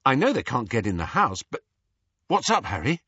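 Brief: worried teen wizard boy, loud and pushy; a male narrator plays him, husky edge. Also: mid-range voice, wildly swooping pitch, normal speed, no echo, dull audio, exaggerated voice. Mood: urgent, worried. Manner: loud, pressing, urgent.

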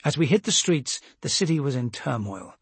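A man giving steady, measured first-person audiobook narration. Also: mid-range voice, husky, no echo.

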